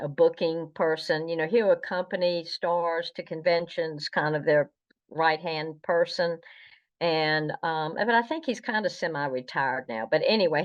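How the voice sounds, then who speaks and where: A woman tells long stories as an interview guest, chatty and meandering. Her voice sits low and deep for a woman. The recording sounds dull and lo-fi. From American South. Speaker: guest, fan historian. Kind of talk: anecdotal interview storytelling.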